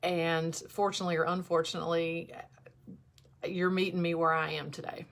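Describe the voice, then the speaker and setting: A woman in her forties talking candidly to viewers on a livestream, emotional and close to tears, halting and restarting. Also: on the low side, flat delivery, gravelly. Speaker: host. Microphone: camera in front of her.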